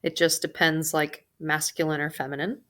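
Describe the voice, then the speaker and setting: A woman teaching a recorded Spanish vocabulary lesson, pronouncing each word slowly and carefully with casual asides. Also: low-pitched, flat delivery, a bit bright.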